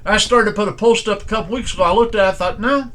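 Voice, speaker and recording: A pastor giving an informal, conversational sermon in plain, folksy speech, asking strings of rhetorical questions. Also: male voice, sits high, steady tone, very fast, fairly bright tone. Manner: plain everyday grammar.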